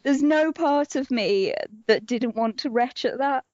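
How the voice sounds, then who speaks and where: Animated young woman storyteller, bright pitch. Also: measured pace, heavy background noise. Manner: animated storyteller, acts out quotes in silly voices. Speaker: podcast co-host. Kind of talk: casual chat. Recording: dull lo-fi podcast audio.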